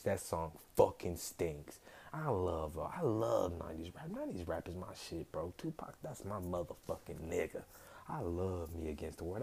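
Gravelly low-voiced man ranting heatedly. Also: dark tone, a little hiss or hum. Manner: heated, swearing, jumps between mutters and outbursts. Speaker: vlogger. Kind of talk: profane music rant to camera.

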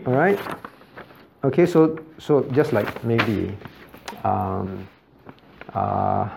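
A man's voice: on the low side, animated, very slow, gravelly, background noise. A man, a pastor teaching a Bible study who keeps asking the class questions and repeating key points. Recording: dull lo-fi recording.

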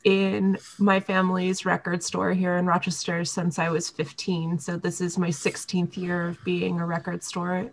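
A woman in her thirties, a podcast guest chatting casually with a wry, deadpan manner and lots of fillers. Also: fairly low pitch, measured pace, few pauses, a little hiss or hum. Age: 30s. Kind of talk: casual chat.

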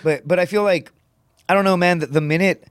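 A man's voice: high voice, brisk, no room sound, clean studio sound. A man, a comedian guest, telling stories in casual podcast chat with lots of swearing and energy. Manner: profane, energetic storytelling.

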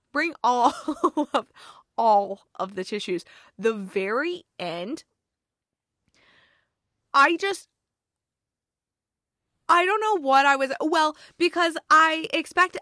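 A woman with a bright, crisp voice chats casually about holiday movies. She gushes and gets emotional, scattering fillers as she goes, and her voice sounds dry and close, with no room around it. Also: medium pitch, no echo. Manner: gushing and emotional, with many fillers. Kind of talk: casual chat.

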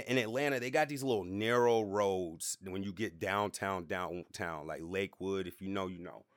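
A man hosting a podcast, telling a story in a relaxed, slangy way with plenty of asides to the listener. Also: mid-range voice, dry recording, studio quality. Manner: laid-back, slangy, repeats fillers and asides to the listener. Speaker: podcast host. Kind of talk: casual storytelling monologue.

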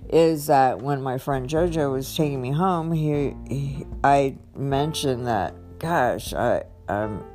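A young woman with a low voice talks slowly in a personal vlog. She rambles, halts and restarts her sentences. Soft guitar music plays faintly behind her. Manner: rambling, halting, self-interrupting.

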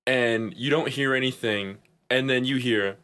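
A young man co-hosting a podcast, telling stories in casual chat, animated, laughing often and swearing freely. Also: medium pitch, unhurried, clear, resonant tone. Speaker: podcast co-host.

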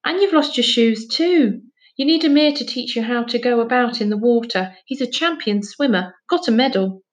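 A woman's voice: on the high side, expressive, normal speed, pitched above the performer's own voice, natural voice. A woman reading aloud, voicing a fussy, patronizing grown woman who coos and talks down to a child. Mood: cooing. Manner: cooing, talking down to a child.

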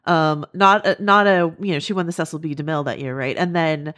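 A woman hosting a podcast, talking quickly and casually with lots of fillers. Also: low-pitched, steady tone, fairly bright tone. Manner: quick, chatty, many fillers. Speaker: podcast host. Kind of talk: casual panel chat.

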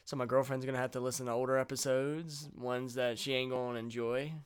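A man's voice: mid-range voice, level tone, brisk, clear, resonant tone. A man hosting a podcast in a casual chat, laid-back and swearing freely. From Virginia, US. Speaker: podcast host.

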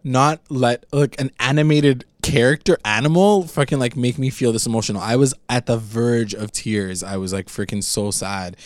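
A man's voice: medium pitch, normal speed, few pauses, no room sound. A man in casual chat, recapping a TV episode, swearing often and filling his talk with "like". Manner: emotional, swears often, heavy use of "like".

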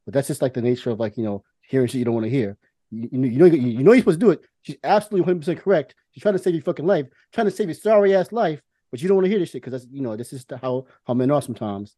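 A man's voice: mid-range voice, racing, mellow, dry recording. A man co-hosting a podcast, talking casually in a rambling, profane way with many restarts. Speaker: podcast co-host.

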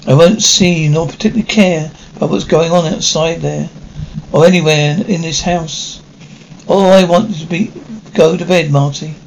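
An older actor playing a melancholy aging stage star in a 1950s television drama, talking in a wistful, theatrical way. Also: male voice, fairly high pitch, moderate pace, creaky, low-quality recording. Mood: weary, melancholy. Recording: faint hiss of an old TV soundtrack.

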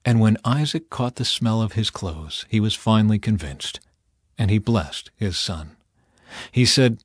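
A man narrating a Bible reading in a measured storytelling way. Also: on the low side, animated, husky, no echo, studio quality.

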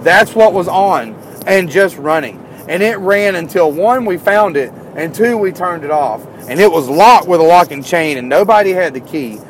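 Male storyteller, high-pitched and lively, faint traffic noise outdoors. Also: normal speed, few pauses. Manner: animated, climbs higher and louder when worked up. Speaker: tradesman telling work stories. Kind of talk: casual storytelling.

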